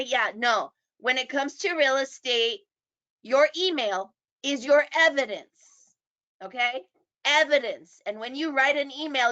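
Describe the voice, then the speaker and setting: A middle-aged woman teaching real estate agents, animated and acting out quoted people. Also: high voice. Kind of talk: presentation. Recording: dull lo-fi audio.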